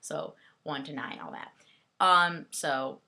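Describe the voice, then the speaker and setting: A woman's voice: low voice, takes it slowly, creaky, bright, forceful tone. A young woman casually reviewing a book and its film, chatty and giggly, full of "like" and asides. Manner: giggly, chatty, heavy use of "like". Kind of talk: casual rambling video review.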